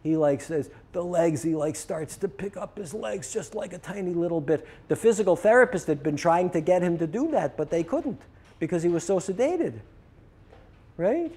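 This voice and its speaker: A man's voice: sits high, lively intonation, moderate pace, a little mellow, slightly rough. A man teaching process work, telling a story as a lecture and acting out both sides of the dialogue.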